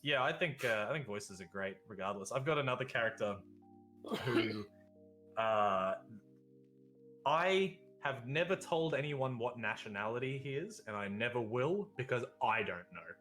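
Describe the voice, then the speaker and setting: Bright-voiced Australian man, blunt. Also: mid-range voice, animated, moderate pace, faint music behind. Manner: blunt, swears, laughs between points. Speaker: podcast guest. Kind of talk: casual podcast chat.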